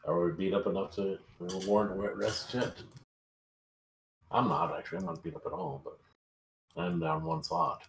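A man chatting casually as a tabletop game player, thinking out loud and asking questions. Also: sits low, normal speed, long pauses, slight background noise. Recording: echoey room.

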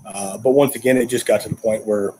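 A man talking as a guest in a casual interview, relaxed and halting as he answers. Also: lowish voice, a little hiss or hum, rough recording. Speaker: guest, former wrestler.

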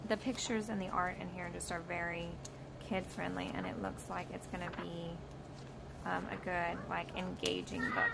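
A young woman who homeschools her kids casually talks through books in a vlog, thinking aloud with plenty of fillers. Her voice is lowish and gravelly, and loud background noise runs through the recording.

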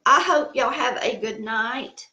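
A woman's voice: a little high, a little slow, pushed and bright, echoey room, slight background noise. A middle-aged woman with a Southern American accent, chatting casually and telling stories while laughing at herself. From Southern United States. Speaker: cooking channel host. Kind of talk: casual chat.

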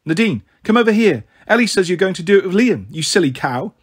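A man reading aloud and voicing a blunt, loud-mouthed teenage girl. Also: sits high, very animated, fairly quick, husky, pitched above the performer's own voice, full character voice. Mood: brash. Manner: blunt, brash.

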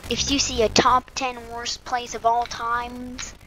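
A woman giving casual gameplay commentary, playful and self-mocking, with bursts of excited exclamations. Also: a little high, slow pace, a little hiss or hum, low-quality recording. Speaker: gamer commentator.

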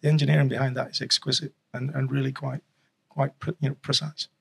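A man's voice: medium pitch, level tone, fast talker, creaky, husky. A middle-aged man, a guest telling rambling stories in a casual chat, chuckling and restarting often. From Yorkshire, England. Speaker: guest, former rugby league coach and official.

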